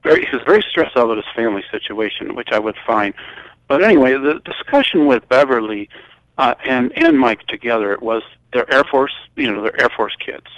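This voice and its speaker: An older man from Michigan recounting a personal story in a halting, rambling way, full of restarts. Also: medium pitch, lively intonation, a bit bright, no room sound, highs cut off. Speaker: guest.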